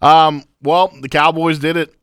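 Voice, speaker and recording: A man's voice: a little high, little pitch movement, measured pace, a bit bright, clean tone, no room sound, clean studio sound. A man co-hosting a podcast in casual, teasing banter. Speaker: podcast co-host. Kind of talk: casual chat.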